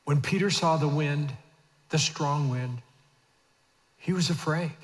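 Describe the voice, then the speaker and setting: A man in his fifties preaching a sermon as senior pastor in a church auditorium, moving from hushed asides to shouted emphasis. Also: fairly high pitch, slow. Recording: long reverb of a church hall.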